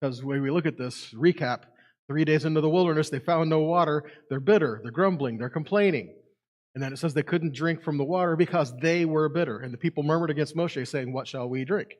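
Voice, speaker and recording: A man giving a lively Bible teaching to a congregation, asking rhetorical questions and reading scripture aloud. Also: on the high side, fairly quick. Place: congregation meeting room.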